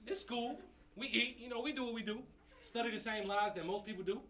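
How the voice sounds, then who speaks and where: A man's voice: high voice, fast, sharp tone, poor audio. A man performing taunting, storytelling battle rap verses at a live campus event. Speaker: battle rapper. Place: upper-floor campus venue with a live crowd.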